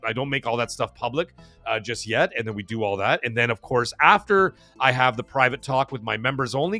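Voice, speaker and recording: A man hosting a live stream and reading out the chat. He talks fast and rambles, with lots of fillers and restarts. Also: medium pitch, sharp tone. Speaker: livestream host reading chat.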